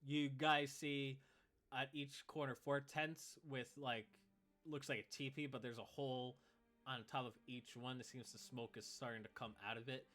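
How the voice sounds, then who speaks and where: Male game master, casual filler-heavy narration, bright forceful tone. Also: medium pitch, fairly even intonation, moderate pace.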